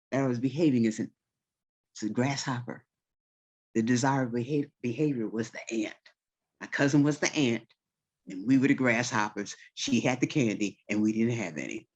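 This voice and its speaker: A woman storyteller telling a childhood tale in a relaxed, folksy, conversational way, full of vivid detail. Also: a bass voice, slightly rough. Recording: slightly dull recording.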